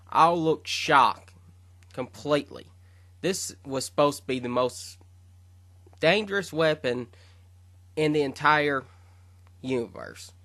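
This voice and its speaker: A man's voice: fairly high pitch, a bit bright, dry recording. A man casually retelling his own fan fiction story, rambling along with fillers and self-corrections.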